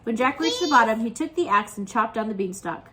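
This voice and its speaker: Preschool teacher, woman, animated storyteller, fairly high voice, faint background noise. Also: a little fast. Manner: animated, upbeat, talks to children. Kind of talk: children's storytelling and craft lesson.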